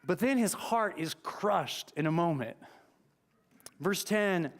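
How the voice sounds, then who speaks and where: Male pastor, higher register, conversational storytelling sermon in a church. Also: animated, slow pace. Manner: conversational storytelling, retelling scripture dramatically. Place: church sanctuary.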